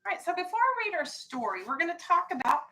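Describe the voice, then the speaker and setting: A woman's voice: very high voice, very animated, quick pace, sharp tone, rough recording. A woman teaching a classroom vocabulary lesson, firm and explanatory, stressing key words.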